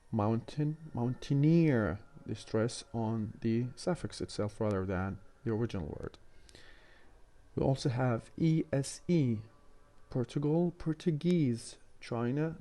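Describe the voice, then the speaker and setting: A man lecturing university students on English word stress, speaking in a measured, explanatory way with frequent hesitations. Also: medium pitch, mellow. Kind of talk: recorded online lecture.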